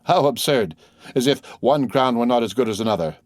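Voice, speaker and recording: A man's voice: medium pitch, animated, brisk, no room sound, studio quality, lightly acted. A man voicing a proud, boastful banker in an audiobook reading, talking with nervous self-importance. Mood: flustered. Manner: boastful, then flustered.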